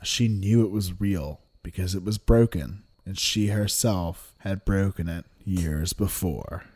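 A man co-hosting a podcast in casual chat, joking and tossing in quick wisecracks. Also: sits low, darkish tone, breathy edge. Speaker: podcast co-host.

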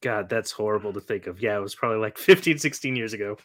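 A man from Northern California co-hosting a podcast, telling a story in a lively way and acting out the quotes. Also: fairly low pitch, quick pace. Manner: animated storyteller, acts out quotes. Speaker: podcast co-host. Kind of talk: casual storytelling.

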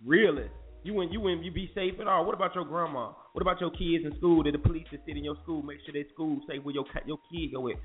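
A man hosting a casual morning talk show, animated and profane, preaching advice to listeners. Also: a little high, fast, soft background music. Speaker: host. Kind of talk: casual chat. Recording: muffled phone-like audio.

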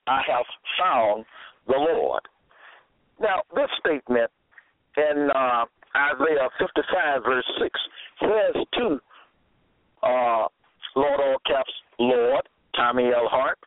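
A man preaching alone in a deliberate, halting way, reading scripture aloud with many fillers and repeated phrases. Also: mid-range voice, animated, dry recording. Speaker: preacher presenting his own episodes. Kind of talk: slow solo sermon reading scripture aloud. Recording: tinny phone-line sound, dry.

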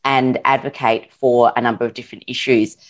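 A woman's voice: very deep voice, level tone, fairly quick. A middle-aged Australian woman, a surgeon and author, answering interview questions in an earnest, thoughtful way with some hesitations. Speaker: surgeon and author, podcast guest.

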